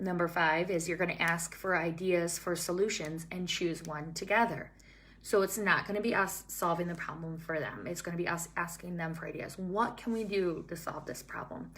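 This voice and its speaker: Lady teacher, lowish voice, calm and steady, walking through steps one by one. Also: normal speed, a little hiss or hum. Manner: calm, steady, explains step by step. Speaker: early childhood teacher. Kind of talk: scripted-feeling teaching talk to staff.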